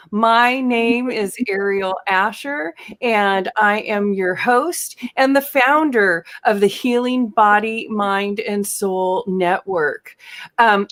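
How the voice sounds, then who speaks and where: A woman hosting an online talk show, introducing guests in a chatty, enthusiastic way with frequent pauses to search for words. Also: medium pitch, a bit bright. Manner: chatty, enthusiastic, many um fillers. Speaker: host.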